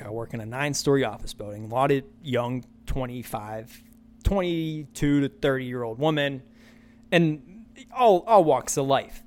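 Dude ranting on his podcast, swears a lot, says stuff twice, kinda high voice. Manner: ranting, profane, repeats his punchlines. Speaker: podcast host. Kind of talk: solo podcast rant.

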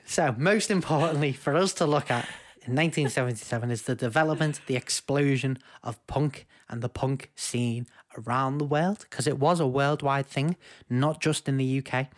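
A man's voice: medium pitch, normal speed, hardly any pauses. A young man co-hosting a casual podcast, talking in an enthusiastic, jokey, rambling way on a home mic over a video call. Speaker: podcast co-host. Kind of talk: casual chat.

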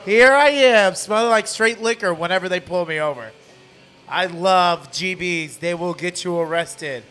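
Podcast host, 30s male, animated motivational chatter, bar setting with soft music. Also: high voice, measured pace. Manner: animated, motivational, says literally a lot. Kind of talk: casual chat.

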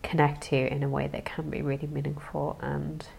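A woman hosting a self-help podcast, talking in a gentle, searching way with many pauses and soft hedges. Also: low-pitched, monotone, gravelly, slightly rough. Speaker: podcast host. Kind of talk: reflective self-help monologue.

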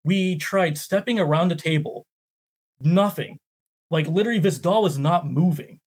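A man, a guest on the show, telling a story in a casual, animated way with lots of "like". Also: fairly high pitch, normal speed, breathy edge. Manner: animated, filler-heavy "like". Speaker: guest explorer.

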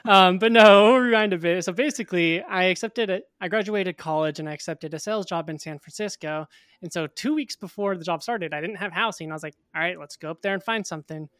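A young man in his twenties, a guest in an interview, telling a personal story in a casual, animated way. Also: high-pitched, fairly quick, dry recording, studio quality.

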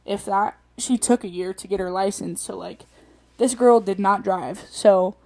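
Young female solo host, casual chatty storyteller, quick laughs, animated rants. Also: mid-range voice. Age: young adult. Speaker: podcast host.

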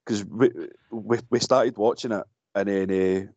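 A man's voice: on the low side, steady tone, a little slow, darkish tone, no room sound, muffled recording. A Scottish man co-hosting a podcast, chatting casually about a film, swearing freely and rambling as he goes. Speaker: podcast co-host. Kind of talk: casual film-review chat.

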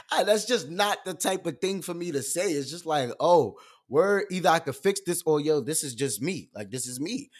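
A man hosting his own live stream, talking in an animated, loud and expressive way with casual slang and lots of fillers. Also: fairly high pitch.

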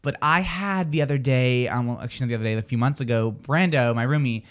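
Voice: medium pitch, fast. A radio host in casual morning-show chat, telling stories and acting out what others said. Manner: animated storyteller, acts out quotes. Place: radio studio.

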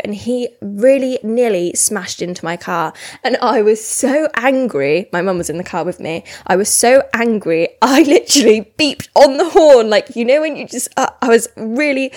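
A young woman, chatting casually and rambling with lots of "like" fillers. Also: mid-range voice. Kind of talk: casual chat.

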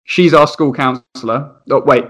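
A young man, a primary school teacher, telling funny stories in casual chat, animated and laughing, acting out voices. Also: medium pitch, moderate pace. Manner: animated, laughing, acts out voices in his anecdotes.

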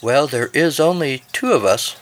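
A man voicing an aloof young princess who speaks in a flat, offhand way. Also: mid-range voice, moderate pace, a little hiss or hum, pitched above the performer's own voice, close to an everyday voice. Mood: deadpan.

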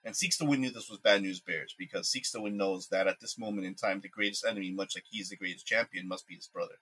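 A man telling a story casually on a podcast, drifting through it loosely with a few small restarts. His voice sits low, with a bright, forward tone and a husky grain. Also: fast, poor audio. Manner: loose, rambling retelling. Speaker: podcast co-host.

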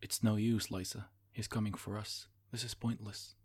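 A man's voice: on the low side, level tone, normal speed, darkish tone, husky. A man voicing a desperate, once-mighty male sorcerer, speaking urgently and pleadingly. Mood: despairing. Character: desperate fallen male sorcerer, proud but broken.

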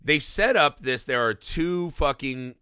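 Male podcast co-host, bright and lively delivery, dry close mic, swears freely and voices the quotes himself. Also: fairly high pitch, a little slow, clean tone, no echo. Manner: animated, profane, acts out quoted lines. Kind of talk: casual movie review chat.

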